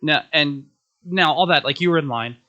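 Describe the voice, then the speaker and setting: A young adult man in casual chat, rambling and halting, with many restarts as he recounts his day. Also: fairly high pitch, sharp tone, dull audio. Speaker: podcast guest.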